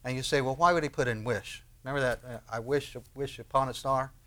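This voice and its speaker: A man preaching a sermon in a conversational, animated way, acting out prayers and asking rhetorical questions. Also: mid-range voice, a little fast. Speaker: pastor.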